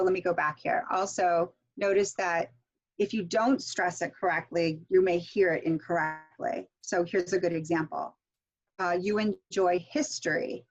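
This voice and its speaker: A middle-aged woman teaching English pronunciation in an online workshop, explaining step by step and saying example words slowly with clear stress. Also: fairly low pitch.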